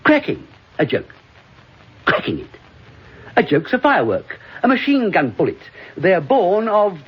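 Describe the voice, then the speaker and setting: An actor playing a drunk, bitter, washed-up middle-aged comedian in a stage monologue, rambling and sardonic, swinging from mutters to outbursts. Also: male voice, high voice, husky, full character voice. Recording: dull lo-fi recording.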